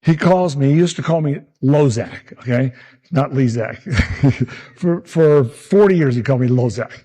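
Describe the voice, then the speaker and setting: A man in his sixties, a meteorologist telling animated stories about his early career and acting out the people he quotes. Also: medium pitch, normal speed. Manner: animated anecdotes, acts out quotes. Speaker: meteorologist speaker at a summit. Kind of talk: storytelling talk.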